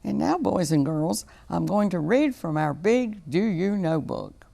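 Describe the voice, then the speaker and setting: Slow, gravelly woman reading a storybook. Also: fairly low pitch, soft background music. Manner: slow, expressive, sing-song. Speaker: children's storyteller on local TV. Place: TV studio.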